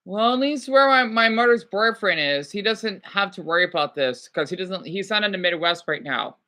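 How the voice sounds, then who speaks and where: A woman's voice: mid-range voice, lively intonation, moderate pace, pushed and bright. A woman vlogger chatting casually as she reacts to a news clip, talking to herself with frequent exclamations. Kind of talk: casual chat.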